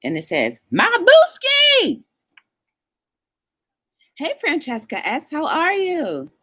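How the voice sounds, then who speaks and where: A woman hosts a live-streamed talk show and tells a personal story to her viewers. Her pitch swings widely as she acts out what each person said. She talks to the audience directly and calls them y'all. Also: a little slow, husky. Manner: animated storytelling, acts out both sides of dialogue.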